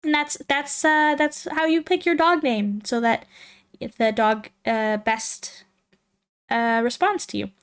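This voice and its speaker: A woman's voice: on the high side, steady tone, slow pace, clear, resonant tone. A young woman streamer chatting casually and rambling aloud while she plays a game, with frequent giggles. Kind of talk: casual livestream chat while playing a game.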